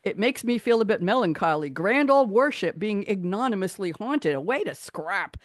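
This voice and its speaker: A woman's voice: medium pitch, animated, moderate pace, dry recording, studio quality, natural voice. A woman reading a young male spy-agency quartermaster's lines aloud from a film scene, without putting on an accent. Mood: prim. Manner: reads the part aloud in plain voice, no accent.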